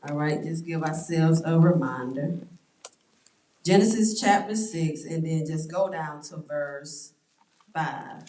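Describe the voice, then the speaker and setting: A woman leading a church Bible study, reading verses slowly and stressing words, with frequent "all right" checks to the class. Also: low voice, mellow. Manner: slow, drawn-out scripture reading with stressed words. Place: church room. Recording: roomy echo, distant mic.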